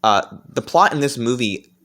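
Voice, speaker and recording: A man's voice: medium pitch, animated, normal speed, fairly bright tone. A man reviewing movies in a casual vlog, rambling along with many fillers and restarts.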